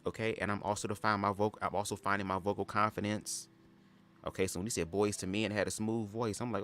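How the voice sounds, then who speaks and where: Sassy low-voiced man on a livestream. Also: little pitch movement, quick pace, fairly bright tone, soft background music. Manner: chatty, sassy, keeps addressing listeners as "girl". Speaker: livestream host reading a book aloud. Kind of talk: casual livestream commentary.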